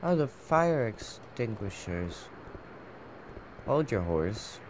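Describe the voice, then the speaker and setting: A man's voice: on the low side, very animated, slow pace, a little hiss or hum. A man commenting on a horror game he plays, mumbling and hesitant as he talks to himself. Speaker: gaming youtuber.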